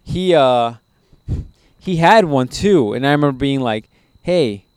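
A young man hosting a podcast, telling profane, animated stories in a casual chat. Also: medium pitch, a little slow, clean tone, no echo, clean studio sound. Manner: profane, animated storytelling with laughs. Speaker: podcast host.

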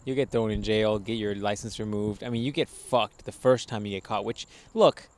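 A man from Arizona co-hosting a podcast, chatting casually, animated and swearing, laughing at his own jokes. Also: lowish voice, normal speed. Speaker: podcast co-host. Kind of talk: casual chat.

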